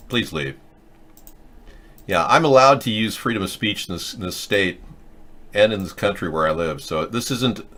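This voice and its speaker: A man hosting a political commentary show, talking in a rambling, sarcastic way, mid-pitched. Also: fairly bright tone. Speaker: host.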